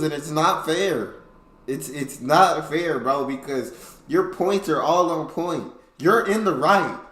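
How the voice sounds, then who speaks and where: A man's voice: fairly high pitch, fairly bright tone, roomy sound. A man hosting a reaction video, commenting casually and calling his listeners bro. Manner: laid-back, says bro a lot.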